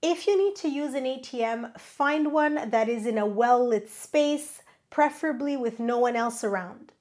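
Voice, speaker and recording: A woman's voice: sits high, normal speed, darkish tone. A middle-aged woman presenting travel safety tips in a friendly, advising way, counting through a numbered list. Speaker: travel vlogger. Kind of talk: scripted travel tips to camera.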